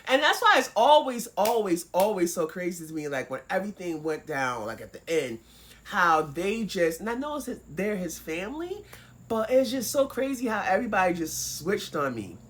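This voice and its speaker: A woman vlogger telling a personal story in a casual, animated way, swearing freely. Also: medium pitch, normal speed. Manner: animated, profane, acts out voices.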